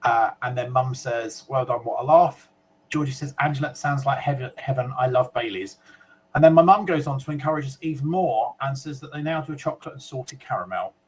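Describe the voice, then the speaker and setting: A man's voice: medium pitch, brisk, poor audio. A man from the UK co-hosting a casual web chat show, reading out viewer comments in a chatty way with fillers and small asides.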